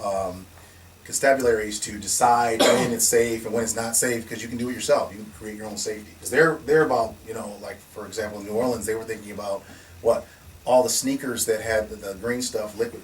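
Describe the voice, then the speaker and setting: A man with a lowish voice tells stories in casual conversation as the founder of a security company. He's animated and laughing, often restarting and acting out what people said. The mic is distant, with faint noise.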